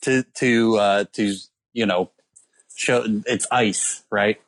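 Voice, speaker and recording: A man's voice: lowish voice, fairly even intonation, takes it slowly. A man co-hosting a casual podcast, telling a rambling story about a beer with lots of ums and uhs. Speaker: podcast co-host presenting a beer. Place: calling in from abroad.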